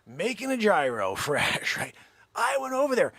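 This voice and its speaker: A man hosting a comic monologue, telling a story in an animated, exaggerated way. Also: sits high, normal speed, vocal fry, no echo. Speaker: host.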